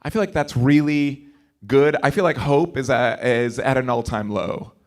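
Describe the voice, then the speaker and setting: A man doing stand-up at a live conference, talking to the room in a loose, rambling way at a middling pitch. He restarts his sentences and throws in asides, and he keeps eagerly coaxing the crowd to play along. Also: normal speed. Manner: eager, coaxing the audience to join in. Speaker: comedian.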